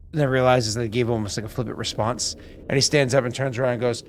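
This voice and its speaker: A man's voice: medium pitch, steady tone, a little fast. A man narrating a tabletop game as game master, hesitant, with many fillers and restarts.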